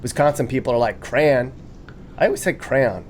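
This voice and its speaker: A man's voice: mid-range voice, animated, quick pace, darkish tone, a little hiss or hum. A man narrating a video with casual, jokey commentary, often laughing and reading quotes aloud with mock enthusiasm.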